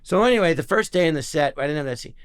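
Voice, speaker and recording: A guest comedian tells anecdotes in casual conversation, animatedly acting out the voices of the people in his stories. His voice is smooth, on the high side, and rapid-fire.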